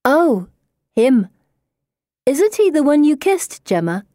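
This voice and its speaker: A woman's voice: sits high, sing-song, slow pace, warm tone, no room sound, clean studio sound, pitched above the performer's own voice, full character voice. Woman doing a blunt, matter-of-fact schoolgirl. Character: blunt, plain-spoken Victorian schoolgirl.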